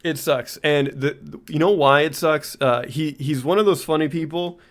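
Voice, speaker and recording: A man co-hosting a comedy podcast, riffing in an excitable, casual way. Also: a little high, normal speed. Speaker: podcast co-host.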